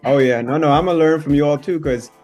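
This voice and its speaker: A man's voice: on the high side, quick pace, darkish tone, faint music behind. Laid-back man with a Bahamian-New York accent. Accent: Bahamian-New York mix. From born in New York, raised in the Bahamas. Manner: laid-back, rambling, many "you know" fillers. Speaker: TV host, guest. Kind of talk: casual interview chat.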